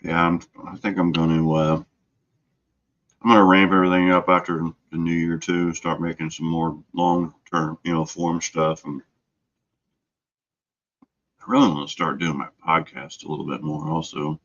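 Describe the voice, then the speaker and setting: A man's voice: deep voice, level tone, moderate pace, pauses often, a bit bright. A middle-aged man hosting a casual live stream, easygoing, answering viewers' messages by name. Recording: dull lo-fi stream audio.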